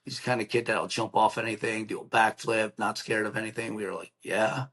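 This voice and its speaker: A middle-aged man with a somewhat low voice recounts a painful memory as a podcast guest. He talks in an earnest, plainspoken way and slips into the voices of the people he quotes. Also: fairly even intonation, a little fast, fairly bright tone, slightly rough. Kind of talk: emotional personal storytelling.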